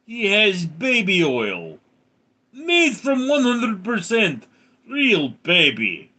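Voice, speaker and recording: A man's voice: sits high, huge pitch swings, takes it slowly, pushed and bright, pitched above the performer's own voice, exaggerated voice. A man putting on a thick fake Russian accent. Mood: boastful. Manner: broken English, dropped articles.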